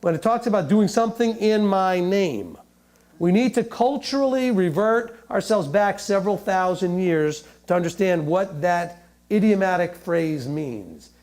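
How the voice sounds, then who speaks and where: A man giving a sermon, reading scripture slowly and breaking into jokes and mock voices. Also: sits high. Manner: animated, joking, reads scripture aloud slowly. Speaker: teacher.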